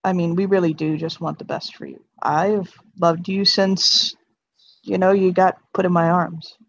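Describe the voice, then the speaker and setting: A man's voice: high voice, level tone, creaky, fairly bright tone, full character voice. An earnest middle-aged dad, voiced by a woman, stumbling over his words as he tries to open up to his son. He restarts his sentences again and again, tender and a little awkward. The recording sounds slightly muffled and lo-fi. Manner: halting, stammering, heartfelt.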